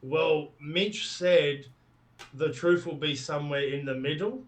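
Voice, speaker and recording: A man's voice: fairly high pitch, takes it slowly. A man talking as a wrestler guest in a casual, jokey interview, swearing freely. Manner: jokey, swearing, puts on a French character voice.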